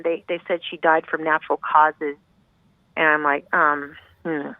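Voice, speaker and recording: A woman's voice: sits low, flat delivery, measured pace, dry recording. A middle-aged woman, a grieving mother, tells her story as a guest in an intense, rambling, heartfelt way. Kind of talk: emotional personal storytelling. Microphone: phone call. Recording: tinny dry phone line.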